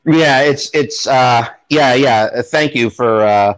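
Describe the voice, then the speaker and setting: A man's voice: mid-range voice, slow pace, rough recording. A man co-hosting a podcast in casual chat, sarcastic and self-deprecating, acting out what others said. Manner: sarcastic, self-deprecating, acts out quoted voices. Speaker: podcast co-host.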